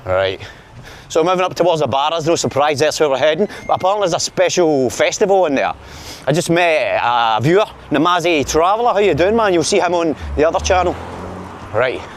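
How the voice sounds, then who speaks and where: A Glaswegian vlogger with a fairly high, lively voice walks city streets filming himself on a handheld camera, chatting and joking with viewers at a fairly quick clip. There's slight background noise.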